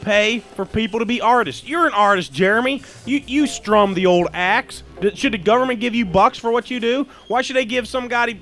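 A man's voice: very high voice, normal speed, few pauses, pushed and bright. A man hosting a comic call-in radio show, rambling and ranting with mock intensity.

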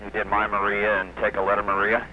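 A man's voice: fairly low pitch, completely flat delivery, fast, background noise. A man calling in to a radio show, talking in an offhand, indifferent way over a fuzzy phone line. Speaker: caller. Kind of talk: phone call-in.

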